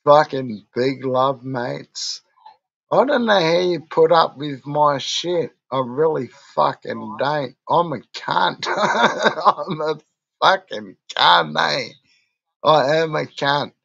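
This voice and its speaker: A man's voice: fairly high pitch, expressive, takes it slowly, creaky, fairly bright tone, muffled recording. A drunk man with an Australian accent, rambling and ranting in a crude, swearing monologue for his vlog. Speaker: vlogger.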